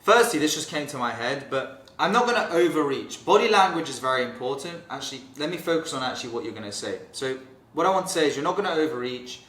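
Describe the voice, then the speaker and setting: A man's voice: mid-range voice, expressive, fast talker, few pauses, a bit bright. Confident, blunt man in a roomy room. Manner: confident, blunt, swears freely. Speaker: dating coach. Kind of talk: casual podcast chat. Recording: roomy echo, distant mic.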